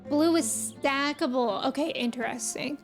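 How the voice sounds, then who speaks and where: A woman's voice: high-pitched, normal speed, over music. A young woman streaming a game, thinking aloud in a chatty, casual way. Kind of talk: live game commentary.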